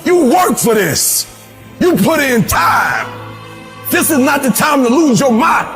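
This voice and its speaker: A man giving a motivational speech, shouting in repeated, preacher-like bursts. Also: very high-pitched, sing-song, slow, faint music behind. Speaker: motivational speaker.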